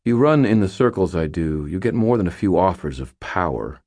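This audiobook narrator has a very deep, husky male voice and reads in the first person. His delivery is sing-song at a moderate pace with a darkish tone, captured in a dry, clean studio recording.

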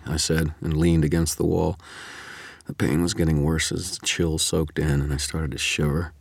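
A man with an extremely low, booming voice reads a first-person audiobook chapter. His delivery is measured and steady, recorded close and dry with no room sound. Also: gravelly, breathy edge, no echo. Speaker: audiobook narrator.

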